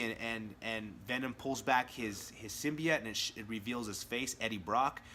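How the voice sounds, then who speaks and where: Male vlog host, casual comic review, eager and animated delivery, bright tone, faint hiss behind. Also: medium pitch, fairly quick, hardly any pauses. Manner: enthusiastic, acts out quotes in character voices.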